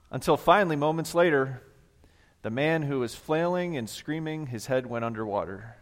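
A man preaches a Sunday sermon from the front of a church. His voice trails away into the long reverb of a big sanctuary. He talks plainly, like a conversation, and gets animated when he tells a story. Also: on the high side, normal speed. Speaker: pastor.

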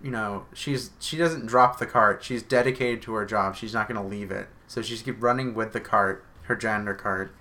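A man's voice: lowish voice, steady tone, bright, forceful tone. Wry man recapping a show. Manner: wry, acts out characters' lines in quick quotes. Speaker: podcast co-host. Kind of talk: casual chat recapping a TV drama.

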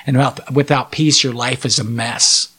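A man's voice: medium pitch, fairly even intonation, moderate pace, a bit bright, breathy edge. Earnest middle-aged man telling his story. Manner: earnest, emotional storytelling, with restarts. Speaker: guest. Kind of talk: personal testimony in a podcast interview.

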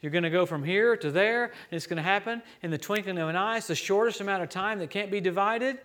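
High-voiced man preaching with lively peaks. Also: quick pace. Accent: American. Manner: lively, jokey preaching with sudden loud peaks. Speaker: guest preacher. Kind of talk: sermon.

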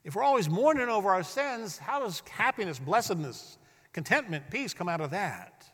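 A man preaching a sermon as pastor, swinging between hushed, drawn-out words and loud, emphatic bursts. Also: sits high, very animated, breathy edge. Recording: long hall reverb.

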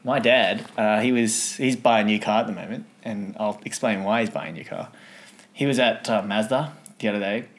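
A man co-hosting a chat show, telling an animated anecdote and often laughing. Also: fairly low pitch, normal speed. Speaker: podcast co-host. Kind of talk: casual storytelling chat.

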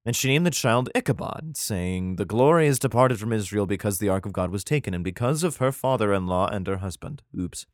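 A man's voice: on the low side, expressive, a little fast, hardly any pauses, no echo. Brief: young male host, comedic scripture reading, profane sarcastic asides, dry close recording. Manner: crude, sarcastic commentary between archaic verses.

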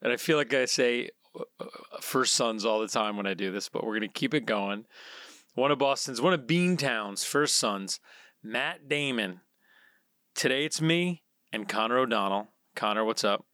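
A male podcast host chatting casually and drifting into long tangents, restarting his sentences as he goes. His voice is bright and forceful in an average pitch. The sound is dry, with no room echo. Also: moderate pace. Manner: chatty and digressive, restarts often.

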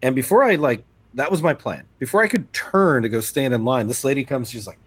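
A man's voice: medium pitch, fairly quick, few pauses, breathy edge, no echo. A man co-hosting a casual podcast, telling a long story and acting out the people in it. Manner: animated storyteller, acts out the people in his stories. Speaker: podcast co-host.

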